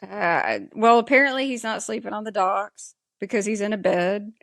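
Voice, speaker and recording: A woman's voice: mid-range voice, normal speed, a bit bright, no room sound. A woman with a Southern US accent co-hosting a podcast, agreeable and dry in casual episode talk. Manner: agreeable, short affirmations, dry remarks. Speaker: podcast co-host. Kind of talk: casual chat recapping a TV episode.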